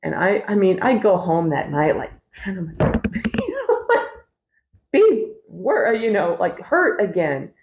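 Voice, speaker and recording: A woman's voice: mid-range voice, very animated, slow, a little mellow, a little hiss or hum. A middle-aged woman hosting a podcast, telling a personal story in a candid, wry way, swearing freely and laughing often. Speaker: podcast host.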